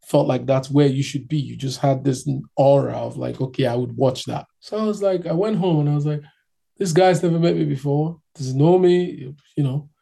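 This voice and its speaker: A man's voice: on the high side, moderate pace, creaky, mellow, husky. A man from Nigeria telling his own story in casual chat, acting out other people's voices as he goes.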